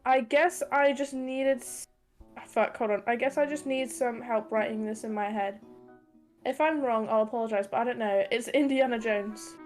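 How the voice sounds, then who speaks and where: A woman's voice: a little high, soft background music. A young British woman hosting a stream, reading posts aloud and chatting casually, swearing freely. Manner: swears a lot, talks fast when excited. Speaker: streamer host.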